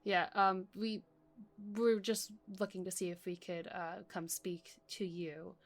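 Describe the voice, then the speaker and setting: A woman's voice: lowish voice, steady tone, a little slow. Polite, hesitant woman player. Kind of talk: casual in-character role-play.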